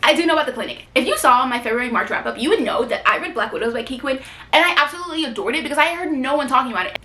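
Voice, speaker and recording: Sitting high and sharp in tone, a young woman's animated voice races as she gushes over her new books with many fillers. This casual book haul chat from a book vlogger is recorded in an echoey room at home with a bookshelf.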